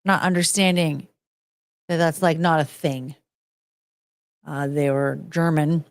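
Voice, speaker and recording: Brief: woman podcast host, profane rambling rant, unhurried delivery, dry close sound. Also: low voice, fairly even intonation, no room sound. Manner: profane, ranting, swears freely; rambling, loses her train of thought. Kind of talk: casual chat.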